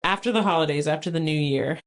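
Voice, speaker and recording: A woman, a podcast guest, telling stories from her life in a casual, animated way, often laughing and acting out the voices of others. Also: low-pitched, fast talker. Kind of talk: casual storytelling.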